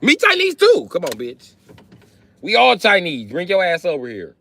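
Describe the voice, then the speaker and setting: A man's voice: mid-range voice, big pitch swings, measured pace, creaky, a bit bright, full character voice. A man voicing a flirty, pushy woman soldier who talks in clipped, broken English. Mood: coaxing. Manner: clipped broken phrasing, coaxing.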